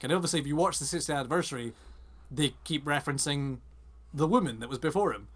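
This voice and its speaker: A man co-hosting a casual podcast, talking quickly and enthusiastically with lots of fillers. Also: on the high side, expressive. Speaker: podcast co-host. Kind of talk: casual chat.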